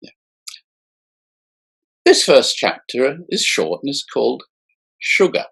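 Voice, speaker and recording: A male author reading his own novel aloud in a slow, measured way. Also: mid-range voice, wildly swooping pitch, gravelly, fairly bright tone, slightly rough.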